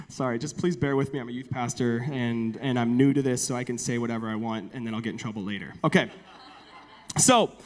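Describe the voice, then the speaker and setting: A man, a youth pastor, giving a comedic sermon in a chatty, joking storytelling way full of fillers. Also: on the high side. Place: church sanctuary. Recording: long reverb of a church hall.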